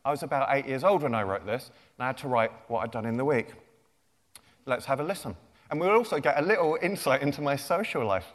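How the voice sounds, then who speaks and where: A man's voice: mid-range voice, expressive, quick pace. A man in his forties, a children's author, giving a playful, self-mocking comic talk to young fans. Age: 40s. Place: large lecture theatre. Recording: reverberant hall.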